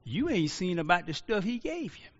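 A man preaching a sermon as pastor, rising to shouts and slowing into drawn-out pauses. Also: sits high, very animated. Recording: lo-fi audio with long reverb.

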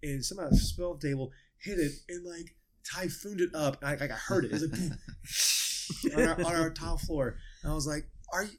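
Animated young dad telling stories. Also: male voice, a little high, brisk. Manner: animated storyteller acting out voices. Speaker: podcast co-host. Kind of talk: casual chat.

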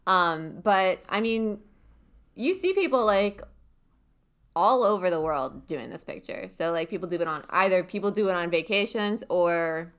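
Chatty Cleveland-accented woman, lowish voice. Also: animated, unhurried, fairly bright tone, clean tone. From Cleveland area, Ohio. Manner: chatty, lots of likes, playful mock indignation. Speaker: podcast co-host. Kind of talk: casual chat.

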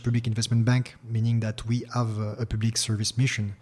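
A middle-aged man with a French accent, a regional bank executive giving a formal business interview, measured and full of fillers and repeated words. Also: mid-range voice, little pitch movement, darkish tone. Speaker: regional head at a public investment bank.

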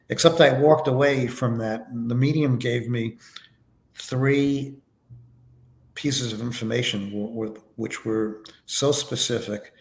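A man as a podcast guest, answering interview questions in a relaxed, anecdotal way with many fillers. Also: medium pitch, creaky, echoey room. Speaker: podcast guest, foundation vice president.

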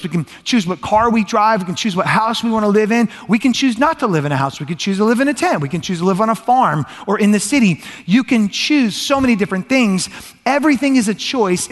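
A man, preaching a sermon as pastor in an animated, conversational way and often asking his listeners questions. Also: high-pitched. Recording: long reverb of a large hall.

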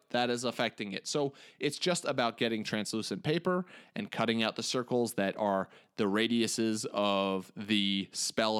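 A man co-hosting a tabletop gaming podcast in casual chat, explaining things with enthusiasm. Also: medium pitch. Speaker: podcast co-host.

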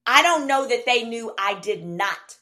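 A woman with a Southern American accent telling a personal story as a podcast guest, animated and profane, acting out quoted dialogue. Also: a little high, measured pace. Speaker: podcast guest, attorney and comedian. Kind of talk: casual storytelling chat.

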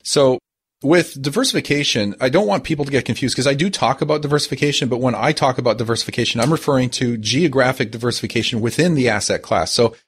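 A man's voice: mid-range voice, breathy edge. A man hosting a podcast, conversational, steering the discussion. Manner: fast, conversational, steering the talk. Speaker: podcast host. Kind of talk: casual podcast chat.

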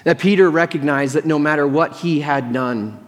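A man's voice: on the high side, moderate pace. A man preaching a sermon as pastor, telling a story earnestly and imagining what people thought and said. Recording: long reverb of a large hall.

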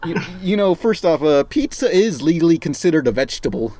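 A man's voice: a little high, sing-song, fairly quick, warm tone, slight background noise. A man hosting a casual podcast chat who rambles, stumbles over his words and swears freely. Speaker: podcast host.

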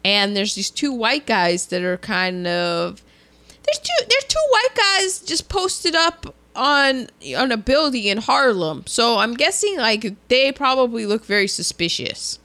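Slow-talking bright-voiced woman telling a story. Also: fairly high pitch. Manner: animated storytelling, acts out quoted lines, laughs often. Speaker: co-host recapping a film. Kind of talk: casual chat.

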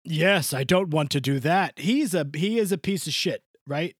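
A man's voice: on the high side, animated, normal speed, no echo, studio quality. A man playing a foul-mouthed, boastful Santa Claus who rambles and laughs, his voice swooping up and down in a creepy way. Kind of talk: improvised comedy podcast bit.

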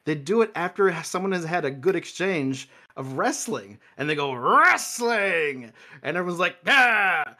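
A man's voice: on the high side, lively intonation, moderate pace, hardly any pauses, fairly bright tone. A man in a casual podcast chat, teasing a friend and insisting on his point.

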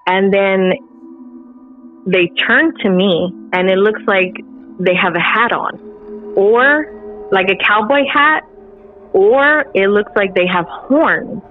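A middle-aged woman recounts a personal story in a loose, animated way, full of "like" and "you know." Her voice comes through a narrow, phone-like line. Faint music plays underneath. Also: mid-range voice, takes it slowly, long pauses. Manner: animated retelling with filler words. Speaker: podcast guest. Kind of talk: casual storytelling.

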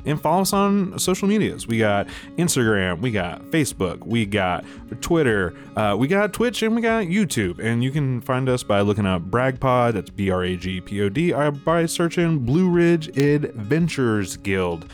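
Man, podcast host, casual outro and chat, lively pitch, faint music. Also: moderate pace, few pauses. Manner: laid-back, swears and laughs.

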